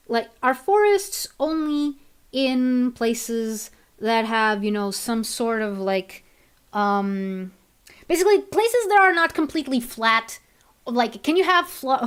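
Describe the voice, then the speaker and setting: Her voice is a little high, clear, and resonant. Chatting casually on a stream as she works on worldbuilding, she rambles with frequent restarts and easy laughter, sometimes slipping into Portuguese.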